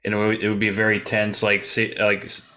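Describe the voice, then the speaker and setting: Man telling an animated story. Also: on the low side, fast talker. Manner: hesitant, animated storytelling with restarts. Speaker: podcast guest. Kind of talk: casual podcast discussion.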